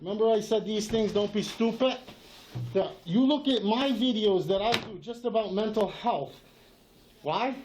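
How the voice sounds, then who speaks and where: A man's voice: high-pitched, normal speed, noisy background. A man in a heated face-to-face argument, insistent and profane, repeating himself and talking over others. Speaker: channel owner confronting a sheriff.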